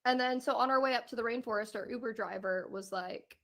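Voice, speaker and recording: A woman's voice: a little high, a little fast, a bit bright. A woman co-hosting a podcast, telling a travel story in casual chat and filling her talk with "like" and "um". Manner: chatty, fillers like "like" and "um". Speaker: podcast co-host sharing travel stories. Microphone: streamed podcast mic.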